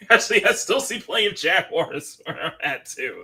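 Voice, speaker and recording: Dude hosting a stream, bright voice kinda husky, laughs a lot, reads chat out loud. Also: male voice, a little high, very animated, moderate pace. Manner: chatty, laughs often, reads chat aloud. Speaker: livestream host. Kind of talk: casual chat.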